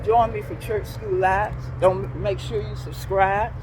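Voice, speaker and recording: A woman's voice: mid-range voice, fairly even intonation, unhurried, noisy background. Folksy woman teaching on a walk. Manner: folksy storytelling, chuckling often. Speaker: church school teacher. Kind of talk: devotional talk while walking. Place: outdoors on a morning walk.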